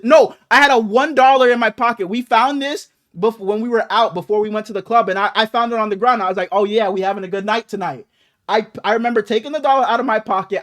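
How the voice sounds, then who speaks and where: High-voiced young man telling a story. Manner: animated, profane storytelling with acted quotes. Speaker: podcast co-host. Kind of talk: casual chat, storytelling.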